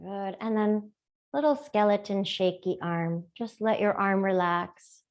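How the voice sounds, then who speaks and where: Slow, gentle woman yoga teacher. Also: medium pitch. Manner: soft, slow, playful cueing. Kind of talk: gentle guided yoga class.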